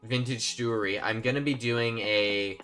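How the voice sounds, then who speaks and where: Soft music sits behind a man with a mid-range, somewhat bright voice who talks at a normal speed with fairly even intonation. He's streaming a game live, casually rambling to his chat as he plays.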